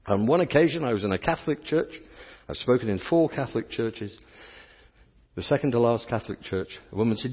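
A man preaching a lively sermon, playful and coaxing the congregation to join in. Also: medium pitch, brisk, pauses often, slightly rough. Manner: playful, coaxes the crowd to join in. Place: church sanctuary. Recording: dull sound, long church reverb.

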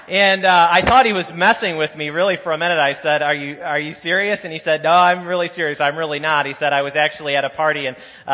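A man's voice: fairly high pitch, bright, forceful tone. A man preaching a sermon as a pastor, in a conversational storytelling way, with asides and voiced quotes from the people in his stories. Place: church sanctuary. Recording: long church reverb.

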